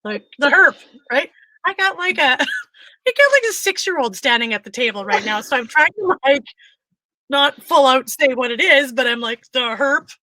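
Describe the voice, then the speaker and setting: A woman co-hosting a talk show, telling a funny story in a casual, animated way and acting out what others said. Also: high-pitched, normal speed, dry recording. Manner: animated, frequent laughter, acts out quotes. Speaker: podcast co-host.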